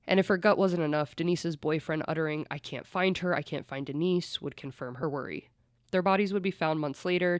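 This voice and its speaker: Podcast host, mid-pitched, chatty true-crime storyteller who swears freely; dry, close recording. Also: clean tone, dry recording.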